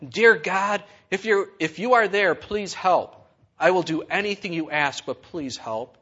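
A man voicing a desperate man on a cliff, pleading and shouting in a husky voice. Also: on the high side, expressive, normal speed, highs cut off.

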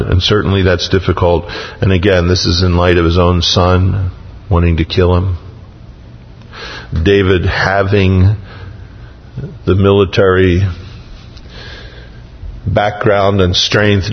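Slow, low-voiced preacher man. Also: in a large hall, dull audio. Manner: slow, reads scripture aloud with rising emphasis; folksy asides between verses. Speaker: pastor. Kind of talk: sermon.

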